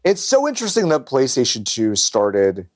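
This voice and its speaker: A man's voice: medium pitch, moderate pace, no room sound, studio quality. A man co-hosting a podcast in casual chat, swearing freely and acting out voices. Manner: animated, swearing, acts out voices. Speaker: podcast co-host.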